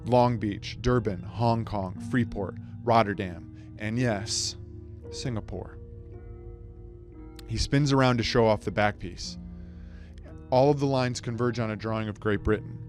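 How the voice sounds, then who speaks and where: Deadpan man delivering a surreal comic speech. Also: lowish voice, measured pace, faint music behind. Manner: deadpan, with stumbles and asides. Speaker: speech contestant.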